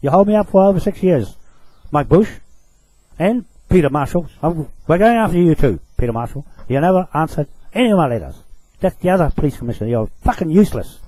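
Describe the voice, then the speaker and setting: A man's voice: fairly high pitch, lively intonation, fast talker, warm tone, no room sound, rough recording. Furious ranting New man. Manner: profane, accusatory, addresses his target directly; repeats short phrases for emphasis. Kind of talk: angry rant to camera.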